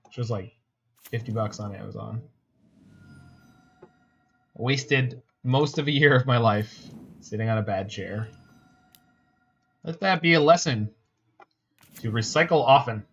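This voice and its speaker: A man's voice: medium pitch, unhurried, vocal fry, long pauses, a bit bright, slightly rough, highs cut off. A man from Canada, giving casual, joking commentary as a streamer while he plays and answers chat.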